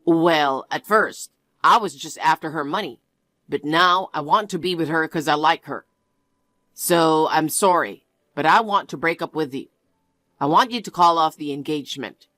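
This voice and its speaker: A woman's voice: low voice, moderate pace, fairly bright tone, dry recording, voice pushed down. A woman voicing a smug, cheating young fiancé in a one-voice story narration, talking in a dismissive, self-justifying way.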